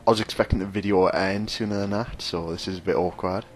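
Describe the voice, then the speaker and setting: A man's voice: deep voice, fairly even intonation, fast, soft background music. A man commentating over his own racing game, rambling, sarcastic and mocking himself. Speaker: gaming commentator.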